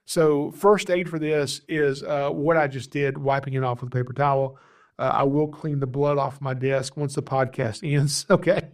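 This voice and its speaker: A man, hosting a podcast and telling a story in a casual, animated way, laughing at himself often. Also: medium pitch, normal speed. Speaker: podcast host, reptile rescuer.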